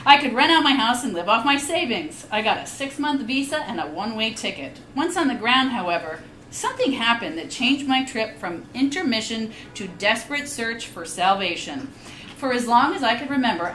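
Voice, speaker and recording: A woman in her fifties reads her memoir aloud at a live event, wry and candid, tossing in frank asides. Her voice is bright and a little high. The room is echoey, with faint noise behind her. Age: 50s. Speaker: reading series host and author. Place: live reading venue.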